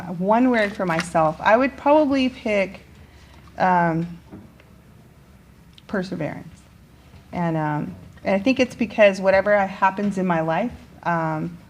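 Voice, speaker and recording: A woman's voice: on the low side, slight background noise. A middle-aged woman teacher talking casually in a conversation, with many fillers and restarts. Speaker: teacher and guest.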